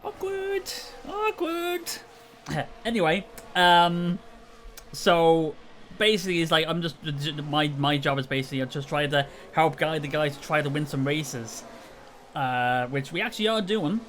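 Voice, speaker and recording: A Northern Irish man talks casually on a live stream in the small hours, tired and rambling, laughing at himself. His voice sits a little high for a man, with a faint hiss of noise behind it. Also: normal speed, fairly bright tone. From Northern Ireland. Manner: rambling, self-mocking, chuckling.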